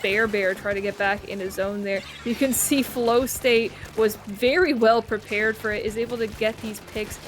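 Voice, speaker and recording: A woman's voice: mid-range voice, fairly even intonation, normal speed, few pauses, slight background noise. A woman casting a live game tournament in a chatty, teasing manner. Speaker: esports commentator.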